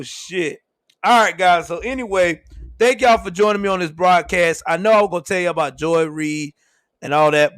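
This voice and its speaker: A young man hosting a livestream, telling a story in a casual, laughing, animated way. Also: high-pitched, no room sound. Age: young adult. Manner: laughs often, animated, swears freely. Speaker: show host.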